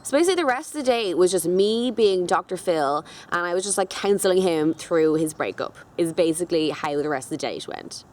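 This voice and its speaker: A woman's voice: on the low side, expressive, a little fast, few pauses, a little mellow. Chatty young woman telling a story. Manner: chatty, lots of fillers, swears casually. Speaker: beauty vlogger. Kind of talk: casual storytime.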